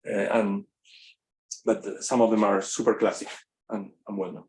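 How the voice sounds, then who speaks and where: A man with a Spanish accent, a native Spanish speaker, giving an unscripted course lecture in a classroom, halting often, with many fillers and restarts. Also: lowish voice, flat delivery, darkish tone.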